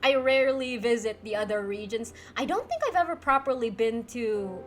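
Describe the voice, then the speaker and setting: A woman's voice: on the high side, moderate pace, faint music behind. A young woman, casually telling a story on her livestream and answering chat, laughing often as she talks. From Philippines. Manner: giggly, lively, laughs often mid-sentence. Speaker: streamer.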